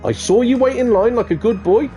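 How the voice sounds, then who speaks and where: A man's voice: on the high side, very animated, moderate pace, darkish tone, soft background music, voice pushed up. A man voicing a firm, no-nonsense mother who talks sternly but coaxes. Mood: coaxing. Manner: stern and coaxing.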